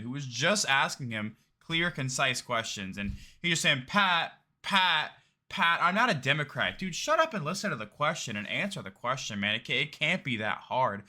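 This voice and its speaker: A man's voice: medium pitch, sharp tone. A man giving casual, blunt reaction commentary on a debate clip in a mocking, slangy way.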